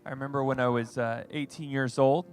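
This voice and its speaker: A man's voice: medium pitch, steady tone, a little fast, faint music behind. A pastor in his forties preaching a sermon in a conversational, chatty way. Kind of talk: sermon with personal story.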